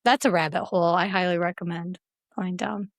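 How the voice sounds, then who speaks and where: A middle-aged woman comedian, a guest on a call-in chat, telling stories in an animated way and laughing often. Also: lowish voice, brisk, no room sound, studio quality. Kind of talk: casual podcast chat.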